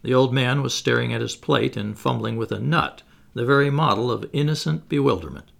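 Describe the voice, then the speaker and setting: A man reading a classic novel aloud as a first-person audiobook narrator, measured. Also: mid-range voice, vocal fry, fairly bright tone.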